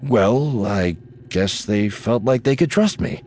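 A man's voice: fairly low pitch, expressive, takes it slowly, a little hiss or hum, voice pushed up. A man voicing an easygoing, grinning young male rogue in an audiobook, speaking genially. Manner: genial, cheeky, a bit louder. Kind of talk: audiobook character voice.

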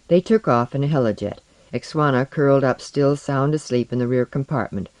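A narrator reading a science-fiction story aloud in measured storytelling. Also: mid-range voice, a little mellow, no room sound. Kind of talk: audiobook narration.

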